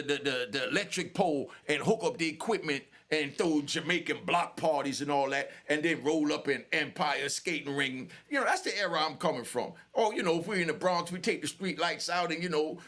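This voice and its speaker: A fired-up older New Yorker hosts his channel, delivering a heated talk straight to the camera. His voice is high and a bit bright, and he speaks in emphatic, repetitive street talk loaded with fillers, angry and sweating.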